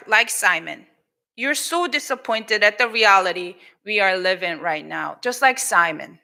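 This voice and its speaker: Animated Korean-accented woman preaching to children. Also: mid-range voice, measured pace, creaky. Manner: animated, acts out quoted lines; switches between English and Korean. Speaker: pastor. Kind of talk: children's sermon. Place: church sanctuary.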